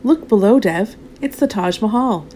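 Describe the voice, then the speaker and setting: A woman voicing a kind, patient male bedtime owl in a storybook read-aloud, speaking in a gentle, coaxing way. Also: medium pitch, lively intonation, moderate pace, a little hiss or hum, natural voice.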